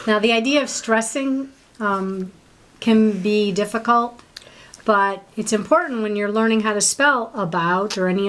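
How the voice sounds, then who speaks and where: A woman's voice: medium pitch, fairly bright tone. A woman teacher giving a one-on-one reading lesson, patient and full of prompting questions.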